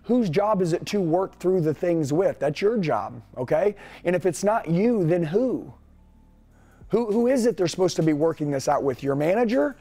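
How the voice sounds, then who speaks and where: A man coaching salespeople in an energetic, punchy way, firing off rhetorical questions. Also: high-pitched, normal speed. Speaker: sales trainer.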